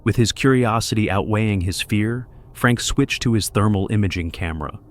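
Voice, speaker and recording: A man giving scripted, measured horror narration. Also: fairly low pitch.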